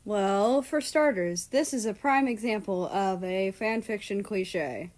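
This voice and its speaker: A woman's voice: mid-range voice, slow, a little mellow, lightly acted. A woman voicing a drunk young man who talks in a playful, teasing way.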